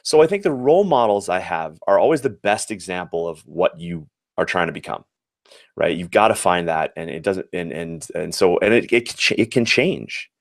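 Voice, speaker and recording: His voice sits low and expressive at a normal speed, with a dry, studio-quality sound. An American former Olympic athlete in his forties, he shares earnest anecdotes in an interview, reflecting as he goes and frequently restarting sentences.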